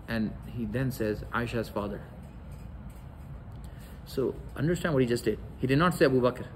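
A man's voice: medium pitch, slight background noise, poor audio. A man giving a religious lecture, telling stories and acting out the quoted dialogue. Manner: storytelling, acts out quoted dialogue.

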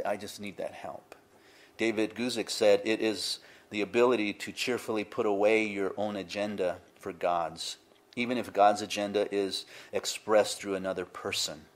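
A man's voice: lowish voice, steady tone, moderate pace. A man preaching a sermon in an earnest, conversational way, building emphasis on key phrases. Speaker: pastor.

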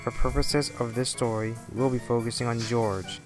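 Man, storybook narration, steady, faint music behind. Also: medium pitch, moderate pace.

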